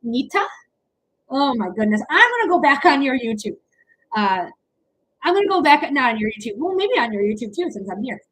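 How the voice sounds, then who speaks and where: Brief: young woman, high voice, chatty livestream reader, affectionate, lots of "okay?" and "um". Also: big pitch swings, fairly quick, fairly bright tone, slightly rough, rough recording. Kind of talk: casual livestream chat, reading comments.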